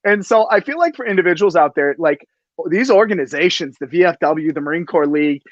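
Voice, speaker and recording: Excitable man hosting a podcast. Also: a little high, fairly quick, no room sound. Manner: excitable, gushing. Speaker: podcast host. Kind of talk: casual chat. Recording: dull, lo-fi sound.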